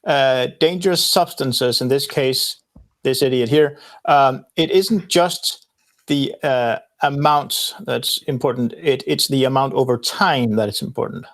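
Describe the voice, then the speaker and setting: A man's voice: mid-range voice, unhurried, fairly bright tone. A man in a casual group chat, talking in a sardonic, mock-serious way. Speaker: panelist in an online hangout.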